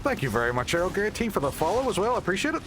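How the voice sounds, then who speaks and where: A man's voice: high voice, sing-song, very fast. A young Northern Irish man chatting casually while livestreaming a game, thanking viewers and swearing now and then. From Northern Ireland. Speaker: streamer. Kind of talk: casual game streaming chat. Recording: faint background music.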